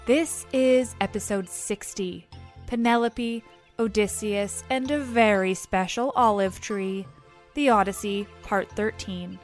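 A woman's voice: mid-range voice, slow pace, soft background music. A woman retelling an ancient myth for a podcast in a casual storytelling style, with wry, playful asides. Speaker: podcast host and narrator.

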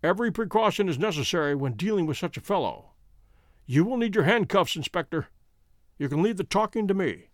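A man voicing a calm, stern male detective who speaks in a measured, commanding way. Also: high voice, no echo, studio quality.

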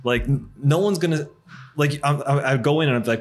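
A man in his thirties chatting casually, telling old stories with lively acted-out quotes and frequent laughter. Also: medium pitch, fast talker. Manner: animated storyteller, acts out quoted lines, laughs often. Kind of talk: casual chat.

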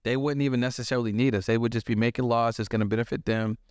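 A man speaks casually on a podcast, leaning on slang and emphatic repeats. His voice sounds smooth and resonant, close to the mic in a dry, dead room. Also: mid-range voice, steady tone, rapid-fire, no echo. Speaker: podcast guest. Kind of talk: casual conversational interview.

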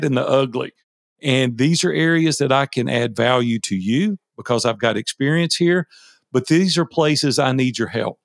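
Gravelly-voiced man in his fifties telling stories. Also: medium pitch, dry recording, clean studio sound. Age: 50s. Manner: folksy, animated retelling of conversations. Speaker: guest. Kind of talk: interview storytelling.

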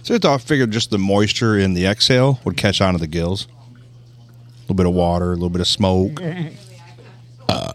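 A man with a lowish voice co-hosts a casual podcast chat. He mostly answers in short agreements and dry one-liners. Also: normal speed, pauses often. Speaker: podcast co-host.

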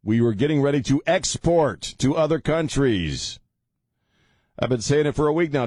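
A man's voice: medium pitch, animated, normal speed, darkish tone, breathy edge, no room sound. A man hosting a talk radio show, ranting with heavy sarcasm into a studio microphone.

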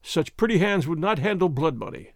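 A man voicing a dashing, gallant masked highwayman who speaks in flowery, bold phrases. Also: very animated, brisk, no echo, clean studio sound. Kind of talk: audiobook character voice.

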